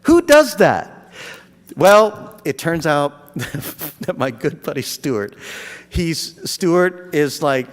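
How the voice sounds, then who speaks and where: A man telling a personal story in a casual, animated and heartfelt way, laughing often. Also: a little high, very slow. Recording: long reverb.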